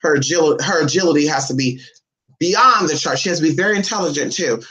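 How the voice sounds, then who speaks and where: A sassy, loose-tongued vlogger talks at a mid pitch, neither high nor low, from a camera set down somewhere in a home. The speaker keeps tossing in "honey" and swearing, teasing a dog in sudden squeaky high bursts. The delivery is unpolished and off the cuff. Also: fast talker, a bit bright. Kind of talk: casual, profane home vlog. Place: indoors at home. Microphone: phone or camera set down nearby.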